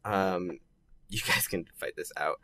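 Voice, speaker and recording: A man's voice: sits low, fairly even intonation, measured pace, bright, forceful tone, slight background noise. A man hosting a podcast improv game, easygoing and often stumbling or chuckling. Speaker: podcast host running a game. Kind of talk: casual podcast chat.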